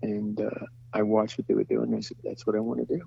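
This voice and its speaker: In a fast, level delivery, an older man with a lowish, gravelly and husky voice tells rambling stories as a guest in an interview. A voice actor by trade, he acts out the voices he quotes, and the recording sounds dull and lo-fi.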